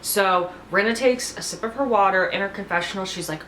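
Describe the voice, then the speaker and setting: A woman chats through a TV recap in a loose, gossipy way, dropping "like" every few words at a mid-range pitch. Her voice bounces around a noticeably echoey room, with a faint hum of ambience underneath. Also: brisk, few pauses, fairly bright tone. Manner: gossipy, filler-heavy, many "like"s. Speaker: TV show reviewer. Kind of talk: casual chatty recap.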